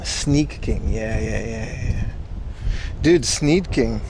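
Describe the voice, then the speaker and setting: A sleep-deprived livestream host walks along a city street, reading chat and joking sarcastically with viewers in a casual IRL stream. His mid-range voice moves at a slow pace, and there's background noise.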